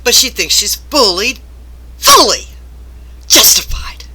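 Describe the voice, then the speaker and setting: A woman's voice: a little high, animated, slow pace, sharp tone, husky. A woman vlogger ranting about work, rambling and exasperated, turning self-reflective. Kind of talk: rambling personal rant to camera.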